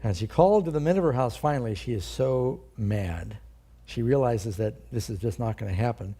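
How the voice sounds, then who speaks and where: Mellow husky older male pastor. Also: mid-range voice, moderate pace. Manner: conversational Bible teaching with rhetorical questions. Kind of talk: sermon.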